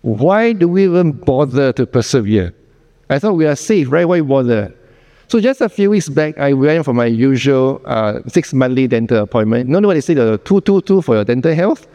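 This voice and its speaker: A man delivers a sermon from a church sanctuary, earnest and explanatory, pausing to pose rhetorical questions. His voice is mellow and relaxed at a middling pitch. Long hall reverb trails behind his words. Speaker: pastor.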